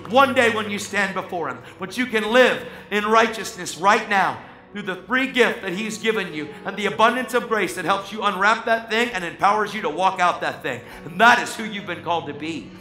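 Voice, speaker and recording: A man's voice: high-pitched, fairly quick, pushed and bright. A man preaching a sermon with passionate, emphatic delivery, often calling the listener "man". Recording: echoey hall, faint music.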